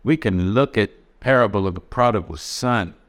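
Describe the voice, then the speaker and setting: A man preaching a sermon in a measured, plainspoken way. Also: fairly low pitch.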